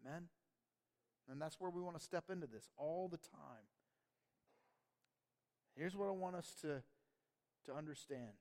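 A male pastor preaches in a lively, conversational way, laughing now and then and acting out short quotes. His voice sits a little high for a man. The sound carries the long reverb of a church sanctuary. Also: measured pace, pauses often. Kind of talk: sermon.

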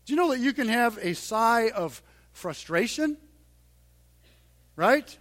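A male pastor preaching a sermon to his congregation in church, earnest and emphatic, growing louder on the points he stresses. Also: extremely high pitch, very animated, slow pace, long pauses.

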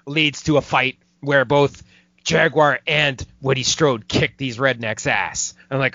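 A man hosting a podcast, talking casually and with some swearing as he retells a movie, slipping into quick mocking voices. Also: medium pitch, steady tone, bright, forceful tone, no echo. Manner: loose and profane, drops quick mocking impressions into his retelling. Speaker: podcast host reviewing a movie. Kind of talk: casual chat. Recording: dull, dry lo-fi podcast audio.

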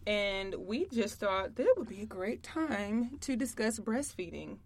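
A young woman co-hosting a casual podcast about motherhood, chatty and quick to laugh. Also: mid-range voice, very animated, darkish tone, no room sound. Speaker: podcast co-host. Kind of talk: casual chat.

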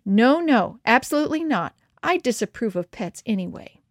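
A woman's voice: fairly high pitch, sing-song, normal speed, no echo, studio quality. A woman reading the part of a pompous middle-aged man, curt and disapproving, in a storybook reading. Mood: stern. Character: stern pompous middle-aged male boss.

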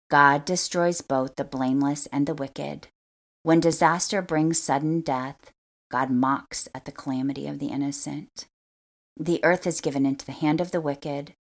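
Low, gravelly woman reading scripture. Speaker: scripture reader.

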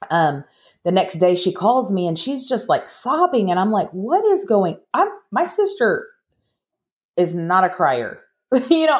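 A woman guest telling a personal story in a chatty way, with many restarts, acting out what people said in a higher voice. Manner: animated, acts out quoted voices in a higher pitch. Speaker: podcast guest.

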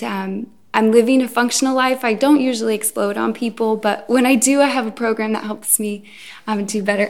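Woman, personal testimony at a recovery meeting; hesitant, halting delivery, slightly raised pitch, some vocal fry. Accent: Irish. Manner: hesitant, many ums and restarts. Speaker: speaker sharing her recovery story. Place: event room. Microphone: recorded.

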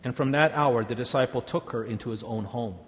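A man giving a measured, solemn scripture reading. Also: medium pitch. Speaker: scripture reader. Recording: long hall reverb.

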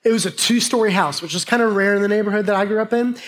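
A pastor with a high, slightly bright voice races through a sermon built on a personal childhood story. He tells it with humor and animation, addressing the congregation directly.

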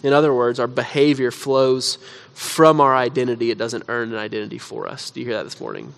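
A pastor delivers a sermon at a church service in a relaxed, chatty way, peppering his story with "like." His voice sits at an ordinary middle pitch for a man. He leans in quietly when he presses his main point. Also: brisk, creaky. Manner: conversational storytelling with frequent "like".

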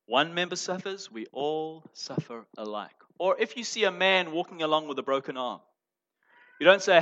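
Male pastor, sermon delivery, emphatic, forceful tone, lo-fi muffled recording. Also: a little high, expressive, moderate pace. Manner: emphatic, swinging between loud stresses and quiet asides. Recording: dull lo-fi sound.

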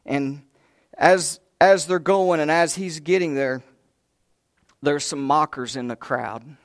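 A man's voice: on the high side, takes it slowly, dry recording, studio quality. A man preaching a sermon, telling the story with emphasis, putting questions to the congregation and talking to them directly.

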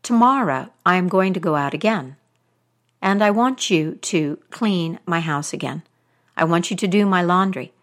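A woman's voice: on the low side, expressive, normal speed, lightly acted. A woman storyteller voicing a fearsome old witch who speaks sharply and bluntly. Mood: stern. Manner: sharp and commanding.

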